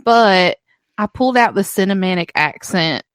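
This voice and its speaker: A woman's voice: medium pitch, expressive, moderate pace, clear, resonant tone, no room sound. A young woman co-hosting a podcast in casual chat, laughing often and swearing freely. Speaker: podcast co-host.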